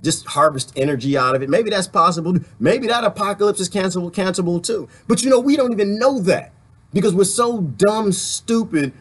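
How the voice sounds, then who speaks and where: A man giving a rambling, animated political rant to his online viewers, talking straight to them and laughing along the way. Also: high-pitched, a little fast, slightly rough. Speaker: vlogger.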